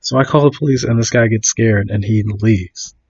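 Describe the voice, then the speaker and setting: A man's voice: on the low side, fairly even intonation, normal speed, a little mellow, husky, lo-fi sound. A man casually telling a story, full of fillers and restarts, acting out other people's lines.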